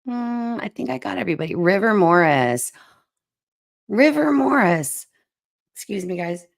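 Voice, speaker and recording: A woman's voice: mid-range voice, sing-song, unhurried, gravelly, no room sound, studio quality. A woman hosting a casual livestream chat, greeting viewers one by one with lots of fillers, her voice cutting in and out. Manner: warm greetings to viewers by name, many fillers. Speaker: livestream host.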